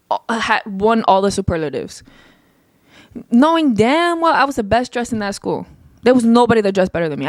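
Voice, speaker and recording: A young woman hosting her own podcast, talking casually and passionately, her voice climbing high when she gets heated. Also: no room sound, clean studio sound. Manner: passionate, emphatic, rises into heated rants. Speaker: podcast host. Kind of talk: casual solo podcast monologue.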